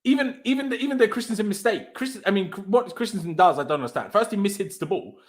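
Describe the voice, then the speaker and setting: A young man hosting a heated football reaction chat, his high voice leaping all over the place as he rants. He swears, fires off rhetorical questions and sounds thoroughly exasperated. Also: animated, quick pace. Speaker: fan channel host.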